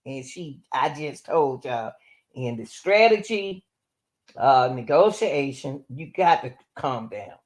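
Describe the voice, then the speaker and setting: A woman's voice: a bass voice, big pitch swings, takes it slowly. A woman host talking casually and explaining step by step as she comments on a recorded call.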